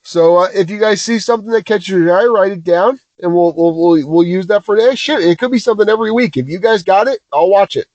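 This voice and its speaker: A man's voice: sits high, fast talker, few pauses, darkish tone, dry recording. A man hosting a podcast in casual chat, rambling and repeating himself, with a bit of swearing. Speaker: podcast host. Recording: dull dry sound.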